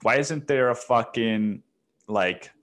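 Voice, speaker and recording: A man's voice: mid-range voice, slow, fairly bright tone. A man hosting his own podcast, talking alone in a loose, rambling way, swearing freely and calling the listener "man" and "dude.". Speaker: podcast host. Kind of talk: casual solo podcast monologue.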